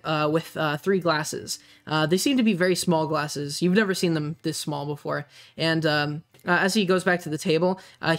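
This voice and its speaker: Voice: mid-range voice, fairly bright tone. Hesitant game master narrating a scene. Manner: hesitant, many fillers.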